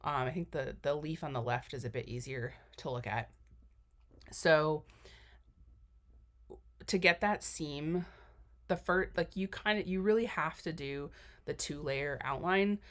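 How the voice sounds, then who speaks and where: A woman's voice: deep voice, a little slow, pauses often. A young woman giving a casual, rambling voiceover for a cookie decorating tutorial, full of fillers and self-deprecating asides. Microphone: voiceover mic.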